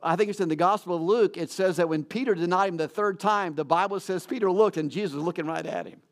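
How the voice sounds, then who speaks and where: High-voiced man preaching conversationally. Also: quick pace. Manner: conversational preaching with self-deprecating jokes and frequent restarts. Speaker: pastor. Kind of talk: sermon.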